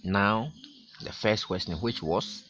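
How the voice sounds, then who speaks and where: A male teacher walks his class through a grammar lesson, repeating each example and leaning hard on the key words. His voice sits a little low but sounds bright and forceful. A faint hiss runs underneath. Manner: slow, repetitive explaining with emphatic stress.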